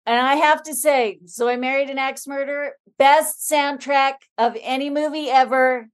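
A woman's voice: high-pitched, fairly even intonation, normal speed. A woman playing as a contestant on a trivia podcast, talking casually with emphatic enthusiasm. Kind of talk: casual chat on a game podcast.

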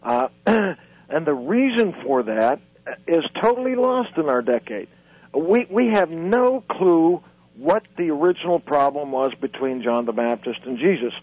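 A man's voice: on the high side, sing-song, no room sound. A man, an author and lecturer, speaking as a guest on a radio interview in an earnest, lecturing way. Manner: earnest, lecturing, halting restarts. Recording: muffled radio broadcast.

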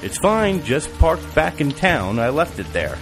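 Man playing a defensive young man, raised pitch, quick and blunt, over background music. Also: very animated. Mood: tense.

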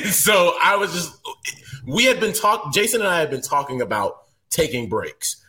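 Easygoing man with a bright, forceful voice. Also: on the high side, sing-song, unhurried. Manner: easygoing, hesitant restarts, says "man". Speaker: podcast co-host. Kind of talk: casual podcast banter.

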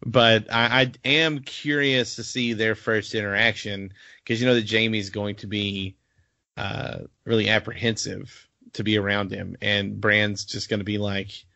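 A man's voice: on the low side, level tone, unhurried, vocal fry, pushed and bright, no room sound. A man in a casual podcast chat, matter-of-fact and laid-back.

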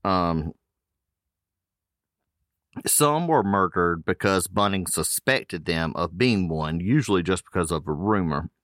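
A man's voice: sits low, lively intonation, takes it slowly, pauses often, a bit bright, dry recording, studio quality. A man hosting a podcast, reading case notes aloud with loose casual asides. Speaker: podcast host.

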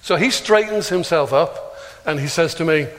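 A middle-aged man telling a humorous story at a conference, acting out the dialogue in a lively anecdotal way. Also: a little high, normal speed. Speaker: speaker at a prayer conference. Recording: long reverb of a large hall.

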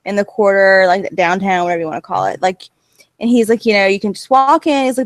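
A woman's voice: medium pitch, fast talker, no room sound. Laid-back woman in a dry room. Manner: relaxed, filler-heavy talk. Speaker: podcast co-host. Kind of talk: casual chat.

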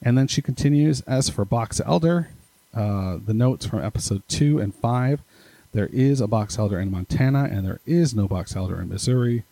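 A man's voice: medium pitch, expressive, normal speed, mellow, no room sound, poor audio. A man hosting a casual podcast, reading listener emails aloud with rambling, self-deprecating asides. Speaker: podcast host.

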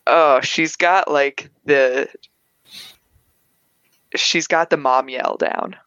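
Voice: medium pitch, drawn-out words, a bit bright, clear, resonant tone, dry recording, dull audio. A new player in a casual chat about a tabletop game, talking in a rambling, filler-heavy way. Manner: chatty, rambling, many fillers.

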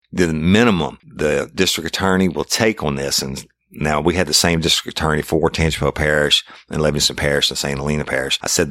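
Very deep-voiced blunt man. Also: no echo, studio quality. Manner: blunt and profane, loud and heated when quoting himself. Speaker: police detective recounting a case. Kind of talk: casual storytelling to listeners.

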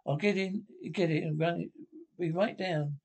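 A man's voice: fairly high pitch, normal speed, darkish tone. A nervous young stepmother, read by a man from an old radio play script. He lifts his voice slightly for her lines. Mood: anxious. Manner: reads stage directions aloud before lines. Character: anxious young wife and stepmother.

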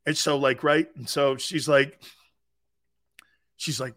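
A sports talk show host with a mid-range voice speaks at normal speed with long pauses. Chatting casually and reading the live chat, he jokes and laughs as he answers viewer comments, his loudness swinging widely.

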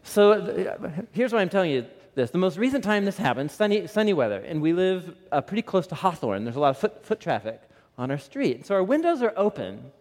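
Pastor, male, thirties, slightly higher register, lively storytelling sermon, long hall reverb. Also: a little fast. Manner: animated storyteller with laughs and asides to the audience.

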